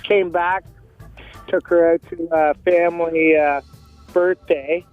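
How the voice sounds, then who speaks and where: Slow-talking male caller on the phone. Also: fairly high pitch, fairly even intonation, faint music behind. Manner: hesitant, storytelling. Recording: tinny phone line.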